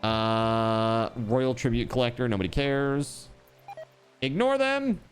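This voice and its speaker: Casting: male game streamer, lively up-and-down delivery, casual and jokey, profane, faint music underneath. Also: medium pitch, slow pace. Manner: animated, joking, swears freely. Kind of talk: casual chat while gaming.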